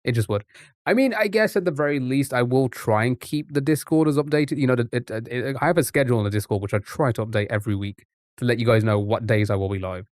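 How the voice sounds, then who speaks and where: Male streamer, mid-pitched, chatty and rambling, close dry mic, casual live-stream talk. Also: fast, darkish tone, no echo. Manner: rambling, chatty, trips over words.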